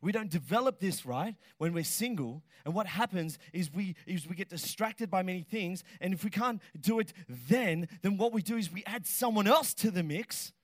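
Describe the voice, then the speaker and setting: A middle-aged man preaching a lively sermon, animated and joking, often shouting to stress a point. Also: high-pitched, normal speed, few pauses, dry recording, clean studio sound. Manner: animated, shouts for emphasis, jokes with the crowd. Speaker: pastor.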